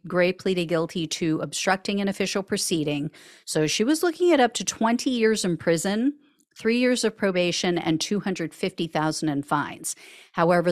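A woman's voice: fairly low pitch, dry recording. Woman host, news podcast recap, dry sarcastic delivery, close dry mic.

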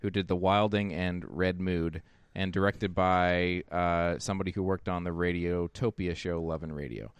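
A man's voice: sits low, steady tone, normal speed, clean tone, dry recording. A man hosting a podcast in casual chat, laughing often and trailing off with fillers. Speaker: podcast host.

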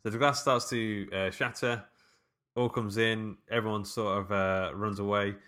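Man, casual film chat, lowish bright voice, rambling with ums. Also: level tone, a little slow. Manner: rambling, laughing, hesitant fillers. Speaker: podcast co-host.

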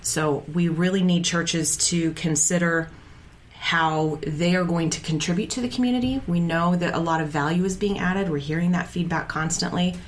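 A woman co-hosting a podcast, talking in a steady, conversational way with frequent fillers. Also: fairly low pitch, normal speed, slight background noise. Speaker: podcast co-host. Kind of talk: casual podcast chat.

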